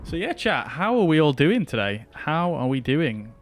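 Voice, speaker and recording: A man's voice: a little high, big pitch swings, moderate pace, faint music behind. A man streaming a flight simulator, chatting casually with his viewers as he flies. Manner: chatty, talks to chat while flying. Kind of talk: casual live-stream commentary.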